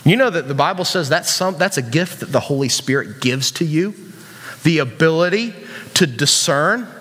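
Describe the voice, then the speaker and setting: A man's voice: a little high, expressive, moderate pace, a bit bright, husky, long reverb tail. A man preaching a casual sermon to young people, joking and asking the crowd questions. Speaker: youth pastor.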